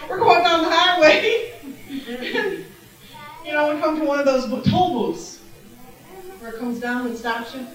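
A middle-aged woman preaching a lively testimony in a church, laughing and calling out praises. Her voice is high and bright. She sounds far from the mic, and a long, heavy echo fills the room. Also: takes it slowly, pauses often. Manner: exuberant, laughing, shouting praises. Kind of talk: testimony sermon. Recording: very echoey church, distant mic.

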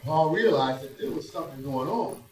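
High-voiced preacher in an echoey church. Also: male voice, animated. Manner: dramatic preaching, swinging between hushed and loud, slow drawn-out emphasis. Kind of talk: sermon. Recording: echoey room, voice from a distance.

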